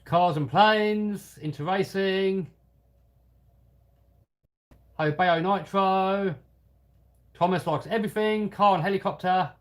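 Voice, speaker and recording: Chatty London-area man, fairly high voice. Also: unhurried. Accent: London-area English, lightly Cockney. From England. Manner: chatty and self-deprecating, with frequent fillers. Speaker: host of a hobby channel live stream. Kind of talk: casual live-stream chat reading out viewer comments.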